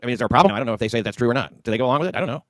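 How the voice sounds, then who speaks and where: A man's voice: mid-range voice, animated, racing, no room sound, studio quality. A man hosting his own livestream, ranting in a profane, combative way with many fillers and restarts. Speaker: livestream host. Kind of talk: ranting monologue.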